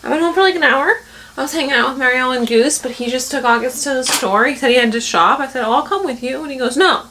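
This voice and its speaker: A woman's voice: high-pitched, quick pace, few pauses, background noise. A young woman vlogging in a bubbly, rambling, casual way, with lots of fillers. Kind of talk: casual chat.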